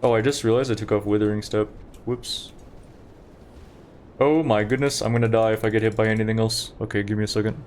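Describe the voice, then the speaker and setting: A man's voice: fairly low pitch, little pitch movement, a little fast, darkish tone, slight background noise. A young man streaming a game, chatting casually and rambling to his viewers while he plays. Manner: chatty, rambling, talks to chat while playing. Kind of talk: casual gameplay commentary.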